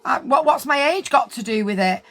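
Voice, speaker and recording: With faint music behind her, a woman in her 50s chats with livestream viewers in a high, expressive voice at a moderate pace. Indignant, she keeps restating her points for emphasis as she tells her story.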